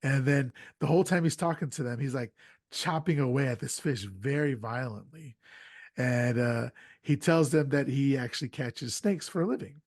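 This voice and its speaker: A man's voice: medium pitch, a little mellow, no echo, clean studio sound. Casual man retelling a movie plot. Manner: retells plot with quick acted quotes. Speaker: podcast host. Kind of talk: casual movie recap chat.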